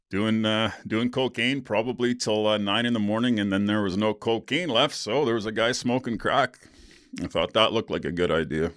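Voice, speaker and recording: A very deep-voiced man hosts a solo podcast in a loose, rambling monologue. He talks candidly and laughs his way through his stories. The recording is close and dry, with no room sound. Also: a bit bright, dry recording. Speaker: podcast host.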